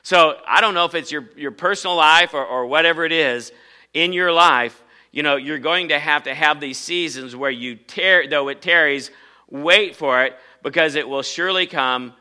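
Male pastor, forceful, sharp-edged voice, slightly high pitch, preaches emphatically and quizzes the room. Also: normal speed, clean tone. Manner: emphatic preaching, asks the congregation questions. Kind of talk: sermon. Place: church.

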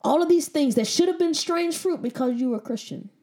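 Female preacher mid-sermon: warm, mellow voice, hammering points with rhetorical questions. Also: sits high, animated, fairly quick. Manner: emphatic, rhetorical questions, repeats phrases.

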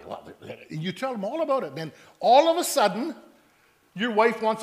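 High-voiced man preaching animatedly. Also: moderate pace. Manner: animated storytelling, acting out both sides of conversations. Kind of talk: sermon.

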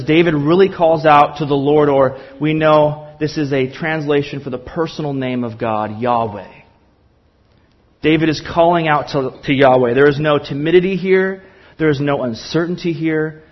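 A man's voice: a little high, highs cut off. Man preaching earnestly in a sermon. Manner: earnest, impassioned preaching with emphatic repetition. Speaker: pastor.

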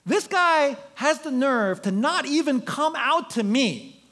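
A man's voice: very high voice, animated, takes it slowly, bright, forceful tone, voice pushed up, exaggerated voice. A man acting out a proud army commander who is pompous and indignant at being snubbed. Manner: pompous, indignant, self-important.

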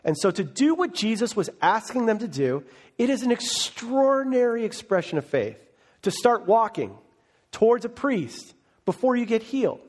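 A man preaching a sermon as pastor, telling a story lively with quick voiced bits. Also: very high voice.

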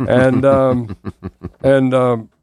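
A man with a Southern US accent answering interview questions as a political candidate, measured and pausing with fillers. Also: medium pitch, little pitch movement, darkish tone, clean tone, no room sound, clean studio sound.

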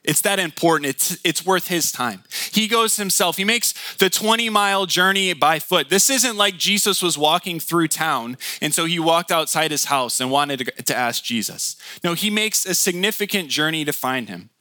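A man's voice: a little high, animated, normal speed, hardly any pauses, sharp tone, dry recording. A man in his thirties preaching a conversational sermon, often asking the listeners questions. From Michigan. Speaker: pastor.

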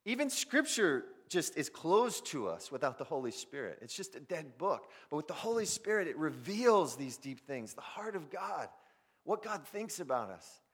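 A man preaching a sermon, swinging between loud emphasis and near-whispers as he speaks directly to his listeners. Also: fairly high pitch, big pitch swings, moderate pace, husky. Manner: addresses listeners directly as "guys". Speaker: pastor.

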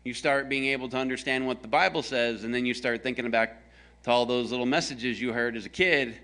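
A man's voice: mid-range voice, fairly even intonation, fairly quick, sharp tone. A man from the American South preaching a conversational sermon, telling a story with jokes aimed at his congregation. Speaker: pastor.

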